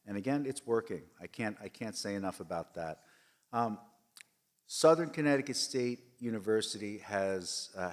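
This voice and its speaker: A man giving a formal speech at a board meeting, emphatic and repetitive, with frequent fillers. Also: on the low side. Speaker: system leader giving a report. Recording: long reverb of a large hall.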